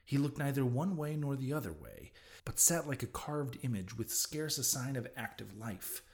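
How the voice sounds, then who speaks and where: A man narrating a classic novel in the first person, with a measured, dramatic reading. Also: mid-range voice, very animated, creaky. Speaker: audiobook narrator.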